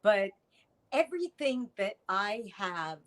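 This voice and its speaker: A middle-aged woman, a podcast guest, telling a personal story in an animated way and acting out the voices of the people in it. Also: medium pitch, slow, low-quality recording. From United States. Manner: animated storyteller, acts out quoted lines. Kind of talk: storytelling interview chat.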